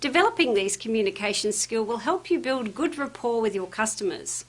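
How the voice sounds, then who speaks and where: A woman narrates a workplace training course in a scripted, instructional way. Her voice sits fairly high and moves a lot in pitch, and she gives emphatic weight to the phrases she quotes. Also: fairly quick, slightly rough. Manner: lively, emphatic delivery when quoting phrases.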